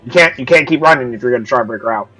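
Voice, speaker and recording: A man's voice: medium pitch, very fast, sharp tone, soft background music, poor audio. A man narrating as game master in a casual, profane way, explaining rules as he goes.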